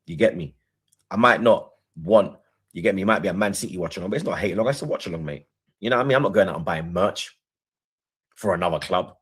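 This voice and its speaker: Deep husky man boasting. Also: expressive, quick pace, a bit bright. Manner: boastful, defiant trash talk. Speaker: reaction channel co-host. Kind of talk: casual football banter.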